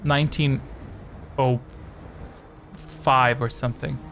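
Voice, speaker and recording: A man's voice: medium pitch, steady tone, slow, gravelly, a bit bright, soft background music. A man hosting a live-stream quiz game, rambling chattily between questions with jokey asides. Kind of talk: casual live-stream chat.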